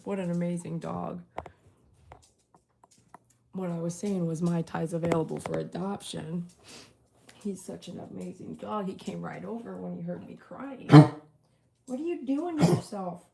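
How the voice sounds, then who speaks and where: Middle-aged woman vlogging at home about her dogs, kinda gravelly, lowish voice, soft and emotional. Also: a little hiss or hum. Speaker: dog groomer and rescuer. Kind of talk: casual vlog talk to camera.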